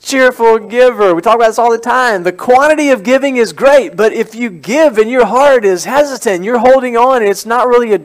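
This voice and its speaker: A man preaching a sermon as a pastor at a church service. He talks in a lively, conversational way, repeats his key phrases and asks the congregation questions. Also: extremely high pitch, fairly quick, hardly any pauses.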